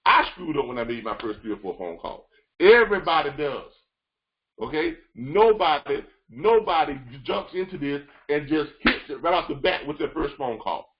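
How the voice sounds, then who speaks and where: A man gives a coaching talk over a call, his fairly high voice leaning on repetition and lively retellings. The sound is muffled and lo-fi. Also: moderate pace. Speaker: freight broker trainer. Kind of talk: motivational training call.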